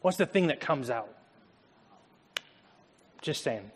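An English man with an English accent giving a casual, conversational Bible talk, animated and acting out little asides. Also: mid-range voice, slow pace, breathy edge, long reverb tail. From England. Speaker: Bible teacher.

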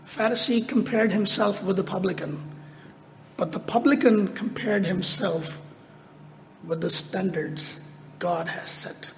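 A man delivers a sermon in a high voice, taking his time over each phrase. He repeats his points for emphasis and pushes his voice up when he quotes a prayer. The hall gives a long echo, with faint room noise behind him. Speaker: preacher.

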